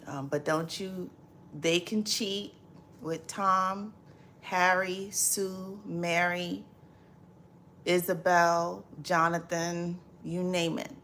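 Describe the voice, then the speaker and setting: A woman from South Florida hosting a casual live stream, reading viewer comments aloud and laughing often as she repeats herself. Her voice sits a little low with a gravelly fry, and she talks at an unhurried, drawn-out pace. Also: level tone, a bit bright, slight background noise.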